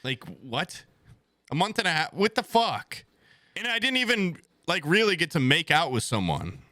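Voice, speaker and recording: A man's voice: fairly high pitch, sing-song, moderate pace, bright, forceful tone, dry recording. A young man in his twenties telling a rambling, crude story to his stream chat at home, swearing bluntly as he goes.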